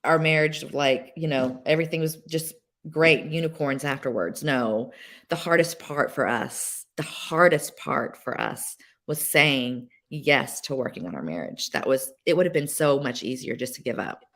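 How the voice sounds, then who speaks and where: A woman guest sharing a personal story on a podcast, emotional and halting, with many fillers and restarts. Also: sits low, fairly bright tone. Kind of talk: candid personal testimony.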